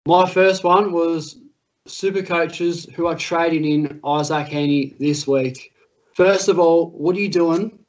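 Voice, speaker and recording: Aussie guy co-hosting a footy podcast, kinda high voice, muffled lo-fi sound, keeps saying mate. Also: fairly even intonation, takes it slowly, a little mellow. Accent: Australian. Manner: chatty, says mate often. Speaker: podcast co-host. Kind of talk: casual sports podcast chat.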